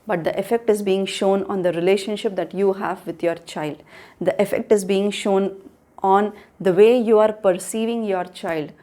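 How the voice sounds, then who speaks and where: Mellow-voiced woman giving earnest parenting advice. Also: medium pitch, fairly even intonation, normal speed. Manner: earnest, repetitive, addresses the viewer with rhetorical questions. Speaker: parenting coach. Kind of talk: direct-to-camera advice talk.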